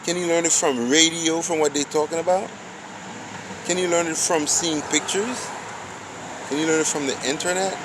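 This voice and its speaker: A man talks in a loose, slangy way, preaching and piling up rhetorical questions. His voice sits a little higher than most men's. Passing cars and a steady street hum fill the noisy outdoor recording. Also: moderate pace. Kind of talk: casual street monologue.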